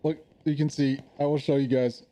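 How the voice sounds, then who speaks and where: A man giving casual live commentary on an online war game match, chatty and quick to laugh. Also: medium pitch, flat delivery, mellow, a little hiss or hum. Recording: game gunfire and explosions behind.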